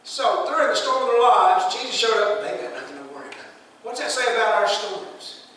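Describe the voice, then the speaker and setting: A man's voice: high-pitched, big pitch swings, a little fast, pushed and bright, slight background noise. A man preaching a sermon, talking plainly and putting questions to the congregation. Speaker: pastor. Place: church sanctuary. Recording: echoey hall recording from a distance.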